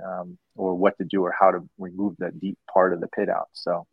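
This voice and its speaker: A low, gravelly man rambles through a laid-back podcast chat, doubling back on his words as he goes. The sound is dull and dry, like a lo-fi recording with no room. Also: monotone, brisk, no room sound. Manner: rambling, repeats words, laughs easily. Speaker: host and dent repair trainer.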